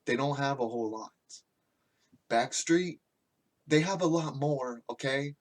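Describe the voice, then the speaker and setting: A man's voice: mid-range voice, a little slow. A man hosting a podcast, ranting casually in a crude, mocking and profane way. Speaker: podcast host.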